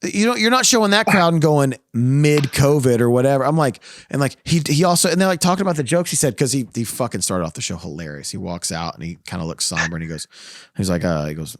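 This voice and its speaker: A man's voice: medium pitch, quick pace, no room sound, clean studio sound. A man co-hosting a podcast in casual chat, ranting heatedly and swearing a lot. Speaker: podcast co-host. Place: podcast studio.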